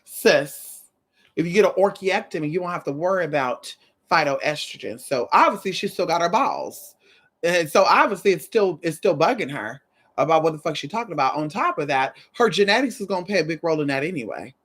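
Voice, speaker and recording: Sassy, animated woman with a slight lisp. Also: low voice, fairly quick, slightly rough. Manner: sassy, animated, drawls "girl". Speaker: commentary host. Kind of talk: casual reaction commentary.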